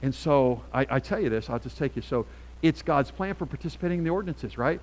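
A middle-aged man preaching a sermon as pastor, emphatic and swinging from quiet asides to loud calls. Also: medium pitch, lively intonation, quick pace, rough recording.

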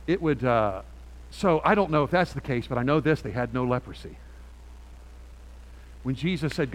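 A middle-aged pastor preaches into a handheld mic with a fairly high male voice. He is emphatic and animated. He drops to quiet asides, then climbs to loud peaks. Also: big-room sound. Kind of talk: sermon.

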